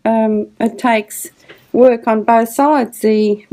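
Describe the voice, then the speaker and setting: An older woman with an Australian accent talks casually as a guest. Her voice sits a little high. She makes dry jokes and laughs at her own quips. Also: steady tone, slow, dark tone. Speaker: guest mentor. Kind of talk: casual conversation.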